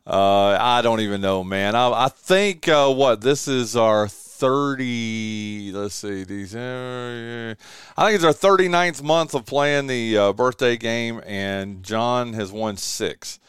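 A man hosting a local radio talk show, signing off in a relaxed, drawn-out way with plenty of "uh" and "man". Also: medium pitch, clean tone, dry recording, studio quality. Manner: easygoing, drawn-out with many "uh"s and "man"s. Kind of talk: casual radio sign-off and chat. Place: radio studio. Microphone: studio microphone.

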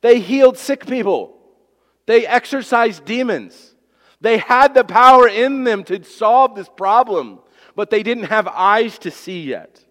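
Male pastor, fairly high voice, emphatic sermon delivery with rhetorical questions, long hall reverb. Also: fairly bright tone.

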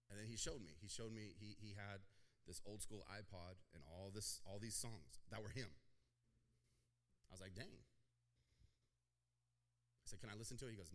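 A male pastor giving a sermon, telling a story in a conversational way, acting out the dialogue and building to loud, emphatic points. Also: fairly low pitch, expressive, brisk, pauses often.

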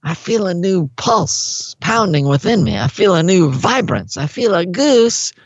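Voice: medium pitch, lively intonation, a little slow, husky, dry recording, dull audio. A comedy podcast cohost improvising with playful, mock-dramatic delivery.

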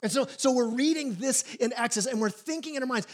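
A man preaching a sermon as pastor, telling stories in an animated way with frequent restarts and acted-out quotes. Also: very high voice, fairly quick, few pauses.

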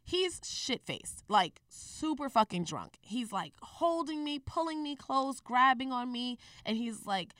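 A woman's voice: on the high side, moderate pace, few pauses, no room sound, clean studio sound, far from the mic. You're a profane, candid young woman, slightly off-mic. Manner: candid, profane, animated retelling. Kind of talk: casual storytelling chat.

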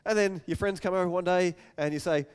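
A man preaching a sermon, telling an animated story and acting out the voices in it. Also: high voice, brisk, clear, resonant tone. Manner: animated, acts out scenes with quoted voices.

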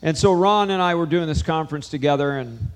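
A man's voice: fairly high pitch, fairly quick, clear, resonant tone, in a large hall. A man preaching a sermon, telling a story and acting out a conversation with changing emphasis. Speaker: pastor.

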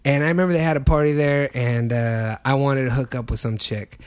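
A man's voice: mid-range voice, fairly even intonation, fairly quick, clean tone. A man co-hosting a podcast, telling a crude story in casual chat, swearing and laughing as he goes. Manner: profane, laughing anecdote-telling. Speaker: podcast co-host.

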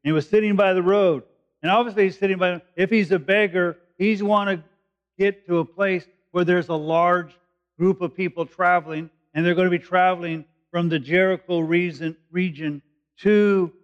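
A man's voice: a little high, clean tone, lo-fi sound. A man teaching through a Bible passage verse by verse, explaining in a conversational, thinking-aloud way. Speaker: preacher.

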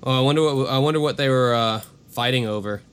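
A man's voice: medium pitch, fast, fairly bright tone, clear, resonant tone. A man co-hosting a casual true-crime podcast, reading case notes and breaking off into profane, offhand asides. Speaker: podcast co-host.

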